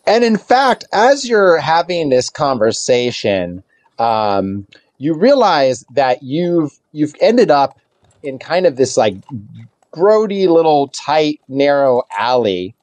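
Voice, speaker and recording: Man game master, rambling tabletop narration, lively, dry close sound. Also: on the high side, slow, dry recording. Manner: rambling, full of fillers.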